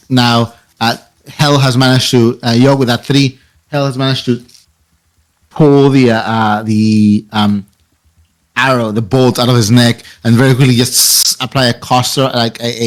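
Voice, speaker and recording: A man's voice: medium pitch, poor audio. A young man narrating as game master of a tabletop role-playing game, stopping often to search for words. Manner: halting, many fillers and restarts.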